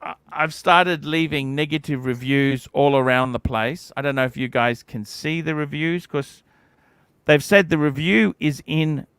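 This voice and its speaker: A man's voice: fairly high pitch, unhurried, a bit bright, smooth, no room sound. A cantankerous man in his forties, hosting a livestream and ranting with heavy profanity. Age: 40s. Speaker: livestream host.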